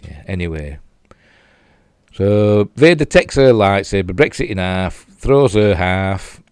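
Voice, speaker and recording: An older man with a broad Yorkshire accent chats his way through a TV review. His voice sits very low, and the sound is close and dry with no room around it. He rambles with plenty of fillers and mocks himself as he goes. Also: animated, slow pace, a little mellow, smooth, no echo. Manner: chatty and self-mocking, with frequent fillers and asides. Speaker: TV show reviewer. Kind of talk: casual rambling review while replaying clips.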